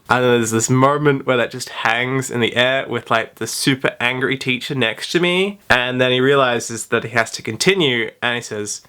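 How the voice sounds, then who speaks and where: A man's voice: mid-range voice, sing-song, normal speed, few pauses, sharp tone, clean tone. A young man telling a funny school story to camera, chatty and self-mocking, with plenty of "like". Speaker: vlogger. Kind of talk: storytime vlog.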